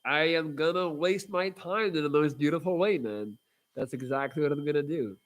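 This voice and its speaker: A livestream host whose voice is on the high side reads out viewer comments at a moderate pace. He rambles casually and bluntly, using lots of fillers and restarting often.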